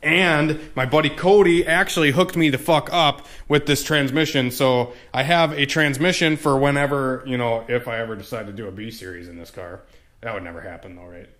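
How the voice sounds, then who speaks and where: A man's voice: mid-range voice, steady tone, brisk, fairly bright tone. A young man explaining car work in a casual, rambling way, with lots of fillers and cursing. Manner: rambling, profane, many fillers. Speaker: car tuning vlogger. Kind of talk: casual garage walkthrough.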